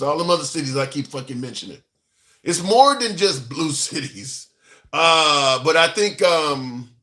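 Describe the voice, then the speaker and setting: A man hosts a casual live stream, blunt and profane, drifting from point to point. His voice is bright and slightly high for a man. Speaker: livestream host.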